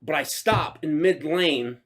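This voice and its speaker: A young man casually telling a story on a podcast, swearing constantly and bursting into shouted insults as he acts out the other driver. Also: fairly high pitch, a little slow. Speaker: podcast co-host.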